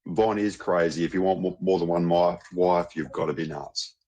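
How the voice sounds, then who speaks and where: A man doing a gruff husky heckler. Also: low-pitched, normal speed, warm tone, voice pushed down. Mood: mocking. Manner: mocking, crude heckling. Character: gruff low-voiced heckling bloke who calls him mate.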